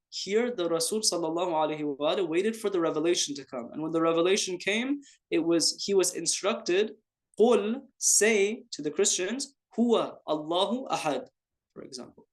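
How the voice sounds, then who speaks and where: A teacher walks a class through scripture, mixing in Arabic terms and honorifics. The delivery is explanatory, with rhetorical questions, repetition for emphasis and frequent restarts. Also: medium pitch. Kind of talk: online class lecture.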